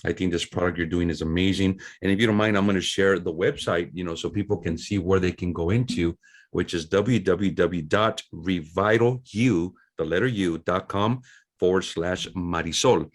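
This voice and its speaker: A man's voice: deep voice, moderate pace. A man hosting an interview podcast, talking in long rambling stretches with repeated words. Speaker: podcast host.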